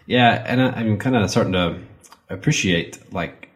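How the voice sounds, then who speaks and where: A man with a Southern American accent, co-hosting a podcast in a relaxed, rambling way with many fillers. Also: fairly low pitch, a little slow. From Southern United States. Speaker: podcast co-host. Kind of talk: casual podcast chat with sponsor reads.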